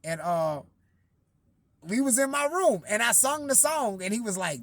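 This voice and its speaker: A man's voice: sits high, animated, normal speed, a bit bright, dry recording. A man telling a story in a casual monologue, profane and rambling with lots of fillers and repeated words.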